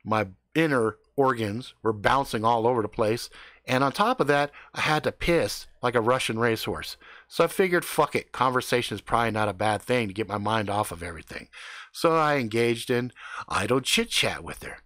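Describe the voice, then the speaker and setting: Brief: male storyteller, swearing a lot, pitch jumping around, very dry close sound. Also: normal speed, no room sound. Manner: profane, animated, playful. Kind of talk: improvised comedic story.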